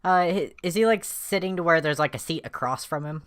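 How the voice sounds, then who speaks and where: A woman's voice: deep voice, a little fast. A woman playing in a tabletop role-playing game, giggly and unsure, often asking how things work. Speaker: player. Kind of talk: casual tabletop game chat.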